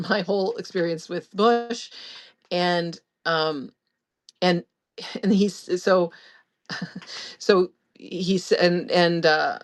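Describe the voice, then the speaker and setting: A woman with a fairly low-pitched voice speaks as the host of her own podcast. She tells a personal story candidly and with emotion, often breaking off and restarting her sentences as she goes. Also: a bit bright.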